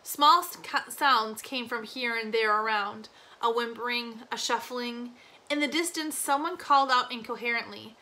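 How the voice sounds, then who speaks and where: A woman teacher reading a novel chapter aloud expressively, slowing on key phrases with a few small slips. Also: fairly high pitch, pushed and bright.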